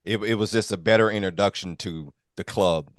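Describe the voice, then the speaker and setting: A middle-aged man hosting a podcast, speaking relaxed and reflective about his officiating career, with quick reactions. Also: fairly low pitch, no echo, studio quality. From California. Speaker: podcast host. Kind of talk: casual interview chat.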